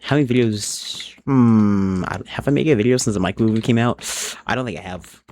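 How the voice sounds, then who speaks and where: A man's voice: on the low side, brisk, a little mellow, slight background noise. Rambling young man streaming a game. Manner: rambling, thinks aloud, hums tunes. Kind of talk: casual live-stream chat while gaming.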